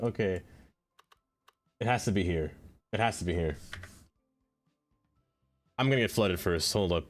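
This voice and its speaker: Unhurried man narrating his city build. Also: lowish voice, expressive, soft background music. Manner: chatty, talks to the game and to chat. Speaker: streamer. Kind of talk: live gameplay commentary.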